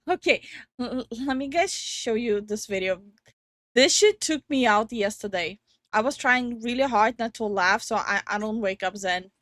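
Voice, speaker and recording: A woman's voice: a little high, animated, measured pace, pauses often, fairly bright tone, no echo, studio quality. A young woman co-hosting a casual livestream from home, giggly and greeting chat viewers by name. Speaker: streamer co-host. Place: home streaming room.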